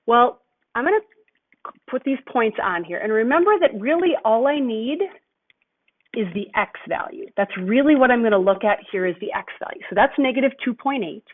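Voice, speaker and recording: A woman's voice: on the high side, expressive, moderate pace. A woman teacher walking through a math lesson step by step, patient and thinking aloud. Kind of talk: recorded lesson walkthrough. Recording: tinny phone-like audio.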